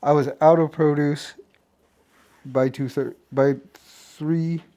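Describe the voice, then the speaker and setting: Man rambling through his day, mellow tone. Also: on the high side, fairly even intonation, takes it slowly. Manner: rambling, restarts often, filler-heavy storytelling. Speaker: vlogger. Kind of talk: casual rambling daily vlog recap.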